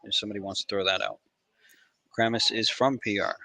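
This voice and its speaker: A man hosting a live trading stream, talking in casual, profane banter with sudden loud outbursts. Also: on the low side, steady tone, fairly quick, vocal fry, no echo, low-quality recording. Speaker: livestream trading host. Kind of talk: casual livestream chat.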